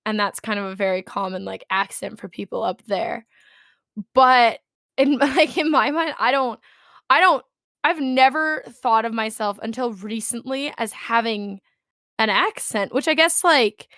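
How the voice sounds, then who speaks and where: A woman's voice: on the high side, measured pace, a bit bright, no echo, clean studio sound. A woman from Alberta with a Canadian accent, a guest chatting casually on a podcast. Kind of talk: casual chat.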